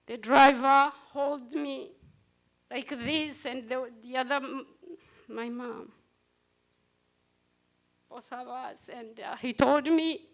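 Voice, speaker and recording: Slow, high-voiced woman testifying. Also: fairly even intonation. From Rwanda. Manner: halting, speaks in short broken phrases. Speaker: survivor giving testimony at a commemoration. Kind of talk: personal testimony speech.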